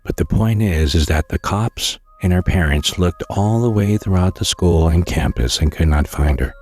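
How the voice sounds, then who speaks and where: A man narrating a scary story in a slow, hushed storytelling manner, with occasional stumbles. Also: low-pitched.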